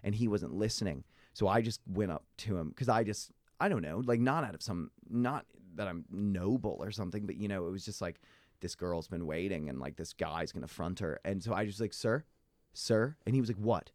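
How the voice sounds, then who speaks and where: A man chatting casually, telling animated stories with many fillers. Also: sits low, fairly quick, no room sound, studio quality. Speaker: guest. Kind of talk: casual conversation.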